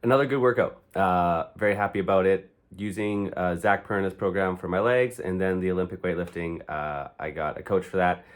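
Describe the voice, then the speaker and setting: A man's voice: low voice, brisk, hardly any pauses. A man vlogging to camera about his training, upbeat and loose, swearing casually. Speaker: fitness vlogger. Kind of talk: casual vlog talk to camera.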